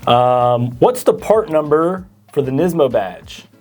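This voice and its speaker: A man's voice: fairly high pitch, lively intonation, slow, darkish tone. A man co-hosting a parts store Q&A, reading viewer questions and often stammering through fillers. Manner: hesitant, stammering with many fillers. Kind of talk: casual Q&A chat.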